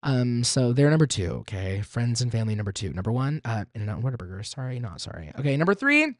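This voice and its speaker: Young guy from texas rambling on his own podcast, mid pitch, dry close mic, jokey and dramatic. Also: big pitch swings, fast talker, no echo. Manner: chatty and self-deprecating, with sudden squeals and laughs. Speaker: podcast host. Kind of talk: solo podcast monologue.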